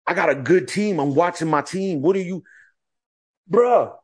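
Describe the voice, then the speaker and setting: This podcast co-host has a high-pitched, slightly rough voice and a moderate pace. Chatting casually, he tells profane, animated stories and acts out quoted back-and-forth.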